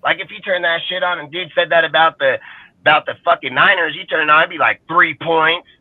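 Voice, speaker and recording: A man's voice: a little high, steady tone, fast talker, dry recording. A heated, foul-mouthed man rants through fan commentary on a live stream. His voice comes through thin and phone-like, dry with no room around it. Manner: heated, profane, ranting. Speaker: fan show panelist. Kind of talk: profane ranting fan commentary. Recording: phone-like call audio, dry.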